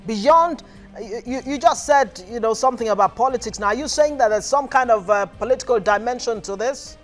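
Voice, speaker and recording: A Nigerian man hosting a news talk show, asking probing questions with halting fillers. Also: very high voice, soft background music.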